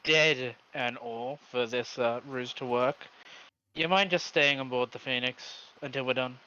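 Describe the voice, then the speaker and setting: A man's voice: mid-range voice, unhurried, pushed and bright, smooth, muffled recording. A man speaking as a player in a tabletop game, matter-of-fact and casual.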